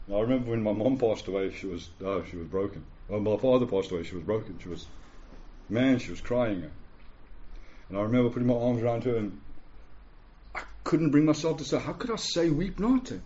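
A man in his forties delivers a sermon in a warm, relaxed voice, pressing his points by repeating them and asking his listeners "yeah?". The recording is dull and lo-fi. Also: medium pitch, fairly quick. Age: 40s. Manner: emphatic, repeats phrases, asks the room "yeah?". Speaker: pastor. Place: church hall with a live congregation.

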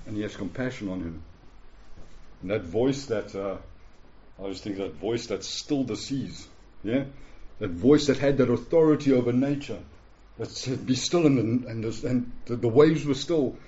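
A man's voice: mid-range voice, moderate pace, warm tone, dull audio. A man in his forties preaching a sermon to a congregation, emphatic, repeating phrases and checking in with "yeah?". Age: 40s. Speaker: pastor. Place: church hall with a live congregation.

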